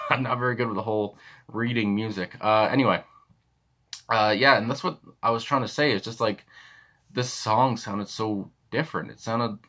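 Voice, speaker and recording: Deep-voiced man rambling with fillers. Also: fairly bright tone. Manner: rambling, many fillers and restarts. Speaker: music reaction channel host. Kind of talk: casual reaction commentary.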